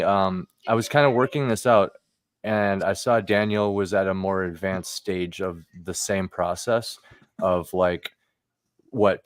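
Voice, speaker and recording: A man's voice: sits low, dry recording. A man in his thirties hosting a casual chat over a video call, rambling with frequent fillers. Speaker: podcast host.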